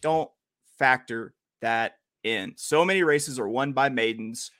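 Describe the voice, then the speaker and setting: A man's voice: medium pitch, a little slow, a bit bright, dry recording, clean studio sound. A man hosting a horse racing podcast in a casual, joking way, wandering into rambling asides. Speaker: podcast host.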